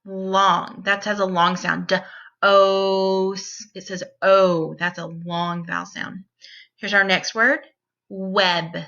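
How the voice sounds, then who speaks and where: A woman teacher leading young children through a phonics lesson, sounding out each word slowly and deliberately. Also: fairly low pitch, fairly even intonation, vocal fry, sharp tone, dull audio.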